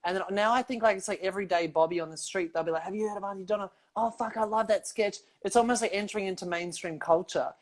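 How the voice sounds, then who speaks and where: A woman's voice: medium pitch, fast, hardly any pauses. A woman hosting a casual interview, asking loose, eager questions full of filler words. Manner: eager, loose phrasing with many "like"s. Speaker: interviewer host. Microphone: video call.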